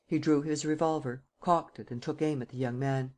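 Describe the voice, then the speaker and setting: A woman narrating a classic detective novel as an audiobook in a steady, measured way. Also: low-pitched. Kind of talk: scripted narration.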